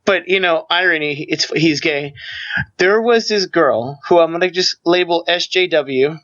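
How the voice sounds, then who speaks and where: A man telling a story in casual podcast chat, talking fast and tripping over restarts. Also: on the high side, a bit bright. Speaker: podcast co-host. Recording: dull lo-fi mic.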